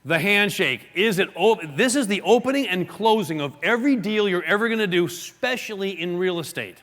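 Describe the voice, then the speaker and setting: Guy doing a seminar talk, bright voice, lots of hall echo, acts stuff out. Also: high-pitched, a little fast. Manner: animated storyteller, acts out gestures and quotes. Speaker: real estate seminar speaker. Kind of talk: live seminar talk to an audience. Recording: long hall reverb.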